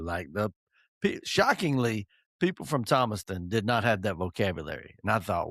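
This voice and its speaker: A middle-aged man, teasing and laughing through a casual podcast chat. His pitch swings widely, and the recording is close and dry with no room sound. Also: lively intonation, moderate pace, fairly bright tone, no room sound. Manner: joking, teasing, laughs often. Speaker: podcast co-host.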